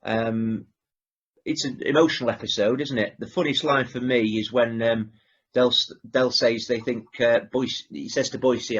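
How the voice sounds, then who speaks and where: A man's voice: mid-range voice, moderate pace, breathy edge, muffled recording. A man hosting a podcast, chatting casually as he retells favourite comedy scenes, with fillers and self-corrections. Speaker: podcast host.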